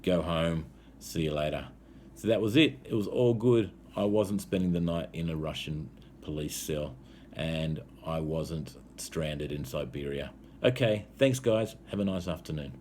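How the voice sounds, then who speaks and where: A man with an Australian accent and a notably low voice tells a personal travel tale for English learners. He talks in a relaxed, easygoing way, often pausing on "um". Faint noise hums behind him. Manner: easygoing, frequent "um" fillers. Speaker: English teacher. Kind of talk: casual storytelling for language learners.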